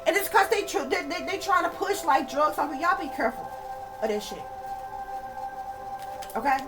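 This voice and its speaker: At a moderate pace, an animated woman with a fairly high voice, a psychic reader hosting her own channel, rants to camera with plenty of swearing and repetition. She keeps addressing her audience as y'all over faint background music, in a rough recording.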